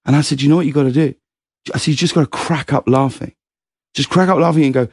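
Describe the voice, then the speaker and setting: A man's voice: fairly high pitch, quick pace, husky, no room sound, clean studio sound. A man chatting as a guest on an interview show, telling anecdotes and acting out quotes in a raised voice. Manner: animated storyteller, acts out quotes in raised voice. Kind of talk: casual interview chat.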